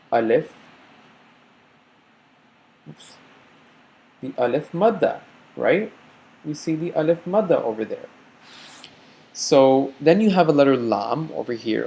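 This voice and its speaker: A man's voice: medium pitch, darkish tone. Patient male teacher sounding out letters. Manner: patient step-by-step explaining, often checking in with "okay?". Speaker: Arabic reading teacher. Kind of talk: recorded slide lecture.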